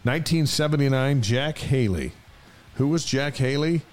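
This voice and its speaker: A man co-hosts a casual sports talk show in a relaxed, easygoing way. His voice sits in the middle range. He reads out the day's dates and trades quips with his partner. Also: mid-range voice, normal speed. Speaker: co-host.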